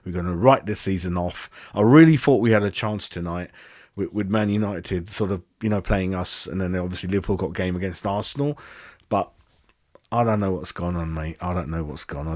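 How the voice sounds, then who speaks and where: A man hosting a football fan channel, ranting after a match in an exasperated, repetitive way with plenty of swearing. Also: lowish voice. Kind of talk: post-match fan rant.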